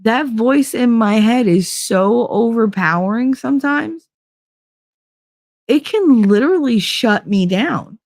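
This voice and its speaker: A woman's voice: on the high side, expressive, slow, darkish tone, dry recording, clean studio sound. A middle-aged woman talking candidly in a rambling podcast monologue, acting out quotes and laughing often. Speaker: podcast host. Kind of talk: casual monologue.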